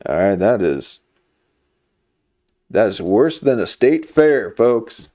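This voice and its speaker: A man's voice: lowish voice, big pitch swings, slow, dark tone. A man streaming, chatting casually in a rambling, jokey way. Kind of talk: casual chat.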